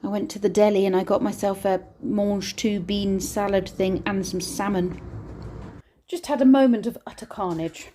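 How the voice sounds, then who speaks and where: A woman's voice: mid-range voice, steady tone, normal speed, mellow, a little hiss or hum. A woman vlogging casually outdoors in a garden, chatting and rambling through her chores and stories. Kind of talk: casual vlog chat.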